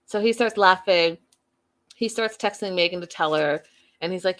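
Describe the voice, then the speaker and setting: A woman's voice: fairly low pitch, measured pace, long pauses. Chatty gossipy woman recapping a show. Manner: chatty, gossipy, playfully dramatic. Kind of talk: casual recap chat to viewers.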